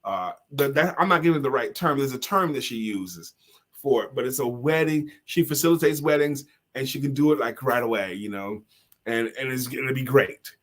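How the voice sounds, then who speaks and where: A middle-aged man hosting a live talk show, reading out viewer comments and singing short jingles in an animated way. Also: mid-range voice, moderate pace. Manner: animated, sing-song jingles, bursts into shouts. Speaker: host.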